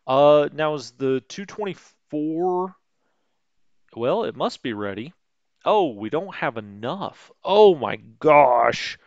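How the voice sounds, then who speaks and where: A man's voice: a little high, no echo, muffled recording. A man casually commentating a strategy game stream, chatting with viewers and cracking light jokes. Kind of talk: casual let's play commentary.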